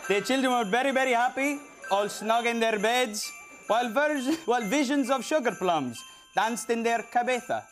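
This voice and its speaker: A man's voice: extremely high pitch, slow pace, heavily acted. A man putting on a comic Spanish accent while reading a holiday poem, playful and stumbling as he hams it up. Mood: hammy. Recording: loud audience and music behind.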